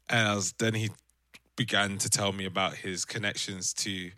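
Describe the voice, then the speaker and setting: A man, a podcast co-host telling a lively story in casual chat and acting out other people's voices. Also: fairly low pitch, normal speed, no echo, studio quality. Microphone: remote call from home.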